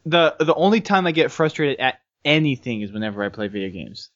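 A man's voice: medium pitch, sing-song, brisk, fairly bright tone. A man in a casual gaming chat, talking in an easygoing way and chuckling. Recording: dull lo-fi sound.

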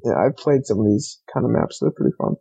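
A man's voice: medium pitch, expressive, fairly quick, creaky, warm tone, husky, faint music behind. A young man co-hosting a gaming podcast, jokey and laughing often while reading listener mail. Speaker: podcast co-host. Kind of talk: casual chat, reading listener emails.

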